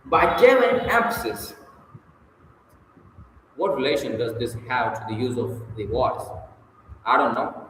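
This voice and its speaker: A man's voice: medium pitch, sing-song, fairly bright tone. Man reading aloud in a very echoey room. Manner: reads in short, emphatic bursts with pauses; answers questions off the cuff, sometimes hesitant. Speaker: reader working through a textbook. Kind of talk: reading aloud and answering study questions. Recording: very echoey room with long reverb, faint noise.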